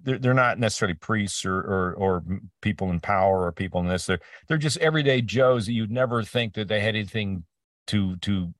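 Animated storytelling man, a bit off-mic. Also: on the low side, a little fast, dry recording, studio quality, distant mic. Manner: storytelling, many restarts, acts out quoted voices. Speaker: voice actor guest. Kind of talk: casual interview conversation.

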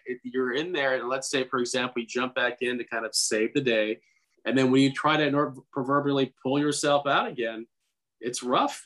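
A man's voice: mid-range voice, fairly bright tone. A man co-hosting a podcast for doctors, giving earnest, urging advice in long runs of talk. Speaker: podcast co-host, dentist. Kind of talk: casual advice chat.

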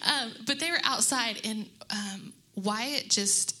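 A woman's voice: on the high side, measured pace. A woman in her thirties on a faith-based panel, telling stories to moms and acting out what people said. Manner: animated storyteller who acts out quotes. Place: room with an audience.

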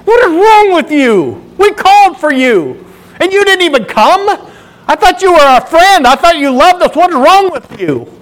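A woman's voice: fairly high pitch, big pitch swings, a little fast, few pauses, fairly bright tone, rough recording. A man voicing a grieving woman who angrily confronts a friend, accusing and pleading. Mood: furious.

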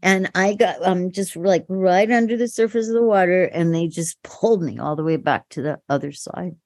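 An older woman, a guest actress in an interview, telling animated stories, acting out quoted voices and laughing often. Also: lowish voice, moderate pace, dry recording.

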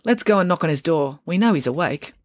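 Woman doing a brisk, clever girl detective. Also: on the low side, animated, dry recording, studio quality, lightly acted. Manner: brisk, deductive. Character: matter-of-fact schoolgirl detective, clever and dry.

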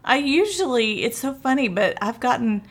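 A woman's voice: fairly high pitch, normal speed, husky. A middle-aged woman telling funny stories in a casual chat. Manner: humorous, animated storyteller.

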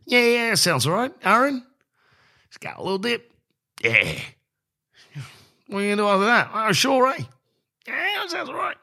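A man with an Australian accent voicing bland, laid-back young beach blokes in a higher, drawling, noncommittal voice. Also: very animated, normal speed, long pauses, pushed and bright, heavily acted. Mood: lazy.

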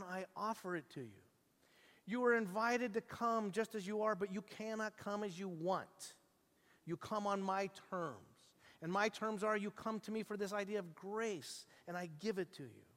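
High-voiced pastor preaching in a reverberant hall. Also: male voice. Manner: animated storytelling, acts out quoted voices, swings from hushed to shouting. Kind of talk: sermon.

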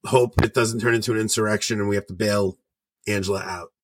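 A man's voice: on the low side, fairly even intonation, quick pace. A man hosting a casual review podcast, joking and rambling as he walks through scenes. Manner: joking, rambling, self-mocking. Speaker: podcast host.

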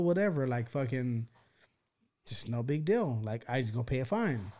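A medium-pitched man at a moderate pace recounts a wild story on a podcast in loose, profane talk. He restarts often, stays animated, and acts out the voices of the people he quotes.

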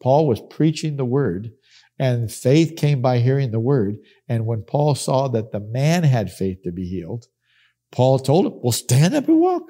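A man's voice: medium pitch, lively intonation, a little slow, mellow. A middle-aged man teaching a sermon on Bible verses, emphatic, repeating key phrases and acting out the people he quotes.

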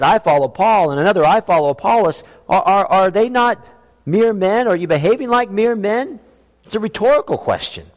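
A man preaching a sermon as a pastor, emphatic, slowing down to stress key phrases. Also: fairly high pitch, long reverb tail.

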